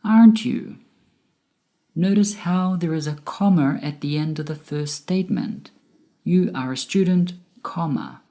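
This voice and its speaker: A woman with a low, mellow voice teaches a scripted grammar lesson. She speaks slowly and deliberately, and she stretches the rise and fall of her example sentences to show the intonation. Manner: slow, deliberate, with exaggerated rising and falling example intonation. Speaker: English teacher.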